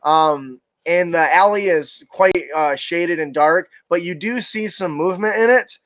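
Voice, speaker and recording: Young guy dming a tabletop game, high voice, keeps cracking up. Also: measured pace, a bit bright. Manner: laughs often while narrating. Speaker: dungeon master.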